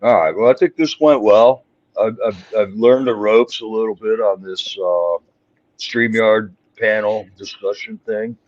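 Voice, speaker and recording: A man in his sixties chats casually on a streamed call, his lowish voice muffled by a lo-fi line and dry. He drawls along easily, often ending with "man". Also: a little slow, dry recording. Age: 60s. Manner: drawling, ends lines with "man". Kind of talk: casual chat. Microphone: video call.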